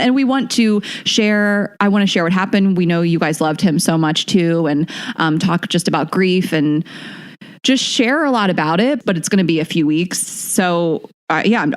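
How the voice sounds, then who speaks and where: A woman co-hosting a podcast in casual chat, talking haltingly with restarts and nervous laughs. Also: lowish voice. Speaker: podcast co-host.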